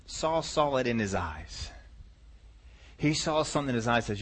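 A man teaching a Bible lesson in a lively way, acting out the characters and dropping to soft asides. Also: mid-range voice, normal speed, long pauses.

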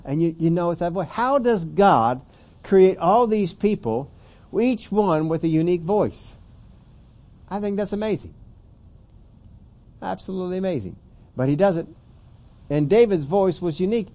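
Mellow-voiced man preaching a sermon. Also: high-pitched. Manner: conversational, rising to emphatic scripture reading.

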